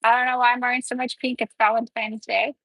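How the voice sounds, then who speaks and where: A woman's voice: on the high side, flat delivery, quick pace, gravelly, fairly bright tone, no room sound, low-quality recording. A woman nail tech running a live tutorial, chatting and explaining each step while she works.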